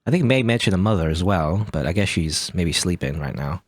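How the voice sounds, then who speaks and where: A man's voice: low voice, expressive, a little fast, dry recording. A man casually commentating on a video game as he plays it, chatty and rambling. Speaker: let's play host.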